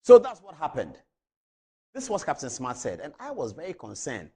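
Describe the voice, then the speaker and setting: Husky, animated Ghanaian man hosting. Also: fairly high pitch, normal speed. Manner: animated, emotional retelling with quoted dialogue. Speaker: TV talk show host. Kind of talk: on-air commentary to viewers.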